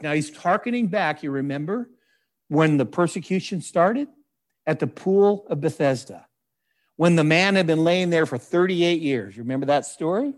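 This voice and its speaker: A man's voice: a little high, lively intonation. A man preaching a sermon in a conversational, folksy way, with frequent asides and scripture read aloud. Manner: reads scripture aloud in measured voice. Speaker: pastor.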